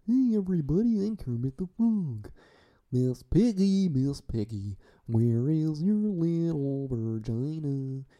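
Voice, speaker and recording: A man doing a rough impression of a cheery, crude male frog puppet in a high put-on voice. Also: expressive, slow pace, dark tone.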